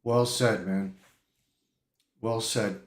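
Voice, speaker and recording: A man's voice: fairly low pitch, steady tone, very slow, echoey room. A man hosting a live-stream reaction, talking emotionally and emphatically and repeating himself. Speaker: channel host.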